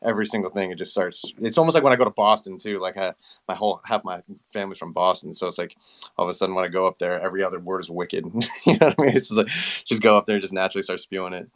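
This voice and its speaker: A man with a very deep voice, rambling through a casual story at a rapid clip. His delivery is animated and loose. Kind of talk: casual chat.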